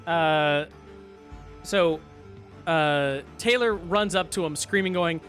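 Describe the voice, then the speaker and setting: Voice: medium pitch, takes it slowly, pauses often, a bit bright, soft background music. A game master narrating a tabletop game and explaining rules in a casual, patient way.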